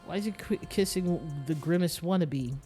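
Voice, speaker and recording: A game streamer murmuring wry, casual commentary while playing. The voice stays at a middle pitch, with faint game music underneath. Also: moderate pace. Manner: quiet, wry, reads item names aloud.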